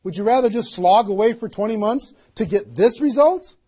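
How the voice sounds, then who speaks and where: Man, high voice, husky, energetic motivational trainer, emphatic, rhetorical questions. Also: moderate pace. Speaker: network marketing trainer. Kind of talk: motivational seminar talk.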